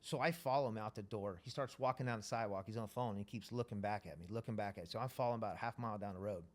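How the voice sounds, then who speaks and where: Profane, animated male storyteller. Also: fairly low pitch, rapid-fire. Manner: profane, animated, acts out quoted dialogue. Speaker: podcast guest. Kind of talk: casual storytelling.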